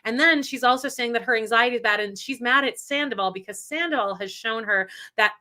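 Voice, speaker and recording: A woman co-hosting a podcast, retelling reality TV gossip in a rambling, animated way. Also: a little high, brisk. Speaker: podcast co-host. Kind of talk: casual gossip chat.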